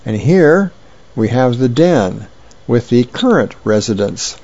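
A man reading aloud as a real-estate agent presenting a house, gravelly voice. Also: mid-range voice, very animated, takes it slowly, darkish tone, dull audio, heavily acted. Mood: showy.

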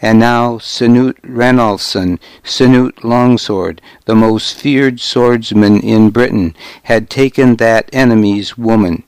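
A man reading a novel aloud as first-person narration, in a measured, deliberate storytelling manner. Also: mid-range voice, steady tone, a little mellow, clean tone, no echo. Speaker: audiobook narrator.

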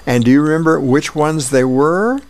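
A man's voice: fairly high pitch, normal speed, a little mellow, pitched above the performer's own voice, close to an everyday voice. A man voicing a pushy husband from a comic strip who keeps questioning his wife. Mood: pestering.

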